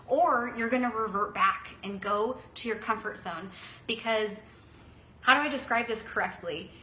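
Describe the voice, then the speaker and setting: Woman wellness coach, 30s, lively, chatty and upbeat, bright, slightly high voice, roomy echo. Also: slight background noise. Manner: energetic, chatty, acts out quotes in a higher voice. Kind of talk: motivational coaching talk.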